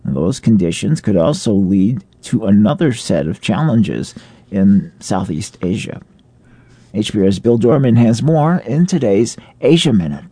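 A man reading local radio news in a measured delivery. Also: on the low side, lively intonation, mellow, slightly rough, no echo. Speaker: local newscaster.

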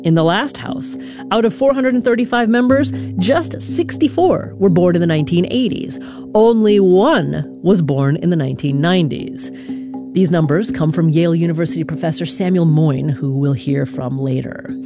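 A woman hosting a radio news show, reading a scripted narration in a measured, deliberate way with dramatic pauses. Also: on the low side, music in the background.

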